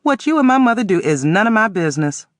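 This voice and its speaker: A man's voice: a little high, lively intonation, brisk, fairly bright tone, no echo, studio quality. A man doing a snappy, guarded teenage girl. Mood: cold. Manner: cold, snappy, sassy.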